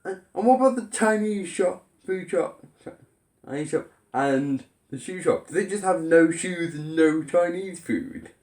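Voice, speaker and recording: A man's voice: sits high, unhurried, darkish tone, reverberant. A man ranting in an exasperated, sarcastic way as a vlogger. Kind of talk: ranting commentary.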